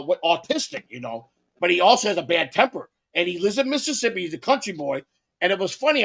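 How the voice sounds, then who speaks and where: A podcast co-host rambles through casual stories, repeating himself a lot and swearing. His voice is high and gravelly, a bit bright, with a breathy edge.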